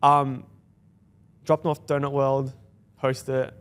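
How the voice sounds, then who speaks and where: A man's voice: medium pitch, clear, resonant tone. A young Australian man telling his own story in a casual podcast chat, acting out other people's lines as he goes. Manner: fast, animated storytelling with quoted dialogue. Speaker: guest, business founder.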